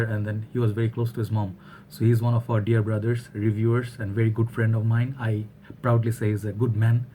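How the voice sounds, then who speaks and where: A man's voice: medium pitch, warm tone, slight background noise. A man from Bangladesh, chatting loosely through a product review and often checking in with "all right?". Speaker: fragrance reviewer. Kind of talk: casual product review vlog.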